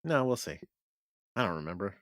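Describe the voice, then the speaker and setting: A man from Connecticut co-hosting a podcast in casual chat, wry and animated, swearing casually. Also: on the low side, a little fast, no room sound, studio quality. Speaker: podcast co-host.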